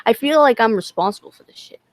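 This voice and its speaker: A woman's voice: fairly high pitch, expressive, quick pace, no echo. A woman in her thirties co-hosting a late-night livestream chat, teasing and swearing freely. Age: 30s. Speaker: co-host.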